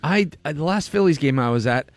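A man hosting a talk show, chatting casually with quick agreements and anecdotes. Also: fairly high pitch, lively intonation, dry recording.

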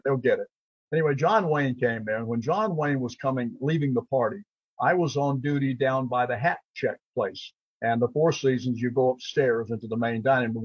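Older man telling stories, husky. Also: mid-range voice, no room sound. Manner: rambling anecdotes with acted-out voices. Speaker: guest, character actor. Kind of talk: anecdotal storytelling on radio. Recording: dull lo-fi line.

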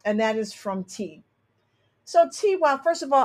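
A woman astrologer and tarot reader hosts a show, reading listener emails and giving blunt, sassy advice with emphatic repeats. Her voice sits high, animated and a little mellow, at a measured pace.

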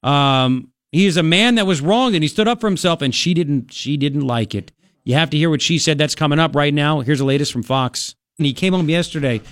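A man's voice: a little high, fairly quick, no room sound. A man hosting talk radio, giving indignant, mocking commentary.

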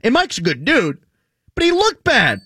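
A man's voice: very high voice, moderate pace, husky, no echo. Guy talking hockey on a sports show, lots of swing in his voice, dry close sound. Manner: animated, jokey, mock impressions. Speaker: sports talk radio host. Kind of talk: casual sports talk.

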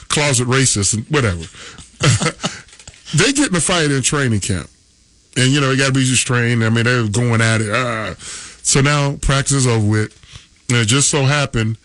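A man's voice: mid-range voice, a bit bright, no echo. A man in his fifties telling stories on sports radio, rambling and chuckling as he goes. His voice sits mid-range and sounds dry and close. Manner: chuckles often, rambling with fillers. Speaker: radio co-host, former football player. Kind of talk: casual storytelling on sports radio.

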